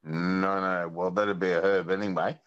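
Laid-back Australian caller, dull phone. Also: male voice, deep voice, little pitch movement, normal speed, a bit bright, clean tone.

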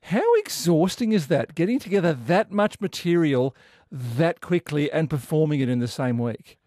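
A man hosting a radio interview, asking steady, prepared questions from a studio. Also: a little high, normal speed, no room sound. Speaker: radio host.

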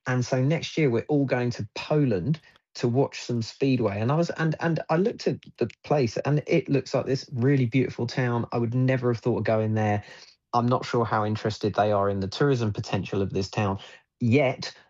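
A man's voice: medium pitch, normal speed, darkish tone. Rambling male guest, lo-fi line. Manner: rambling, many fillers and restarts, enthusiastic. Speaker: travel guest. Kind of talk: radio interview chat.

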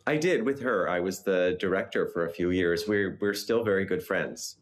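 Man, 50s, from the US, very low voice, relaxed and chatty, laughs easily. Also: normal speed. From United States. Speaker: novelist guest. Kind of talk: interview conversation.

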